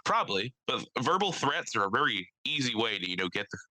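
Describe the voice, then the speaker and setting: A man's voice: medium pitch, very animated, quick pace, sharp tone, dry recording, rough recording. A young man with a New York accent, a podcast co-host telling work stories in casual chat and laughing often. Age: young adult. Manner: storytelling, laughs often, quotes people in put-on voices.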